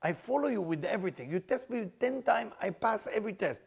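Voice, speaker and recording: A man's voice: expressive, brisk, creaky, slightly rough, heavily acted. A man doing an aged patriarch pleading, voice soaring. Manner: pleading, voice climbing high.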